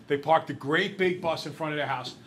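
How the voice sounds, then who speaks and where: A man teaches a classroom math lesson in a chatty, lively way, trading quick questions with his students. His voice sits a bit high for a man, with a faint hum of ambient noise behind him. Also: rough recording. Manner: lively, chatty storyteller who quizzes the class. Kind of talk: classroom lecture with storytelling.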